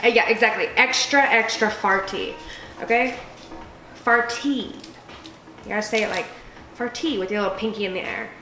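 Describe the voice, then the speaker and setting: A woman's voice: mid-range voice, brisk, bright, forceful tone. A tipsy woman hosting a casual cooking video, crude and giggly with lots of swearing. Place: home kitchen. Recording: echoey room with faint music.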